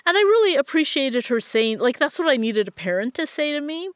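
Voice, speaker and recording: A woman guest on a podcast interview, telling a personal story in an animated way and acting out what others said. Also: high-pitched, brisk, no room sound. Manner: animated, acts out quotes in a lively way.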